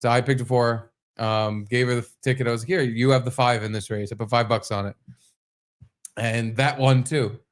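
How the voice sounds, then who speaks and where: A man co-hosting a podcast, chatting casually and telling a story, swearing and acting out quotes in high voices. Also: fairly even intonation, normal speed. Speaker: podcast co-host. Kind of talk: casual chat.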